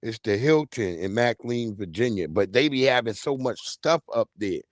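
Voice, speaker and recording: A man's voice: medium pitch, moderate pace, dry recording, clean studio sound. A man hosting a livestream, telling stories in a casual, profane comedic rant. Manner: animated, profane storytelling. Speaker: livestream host.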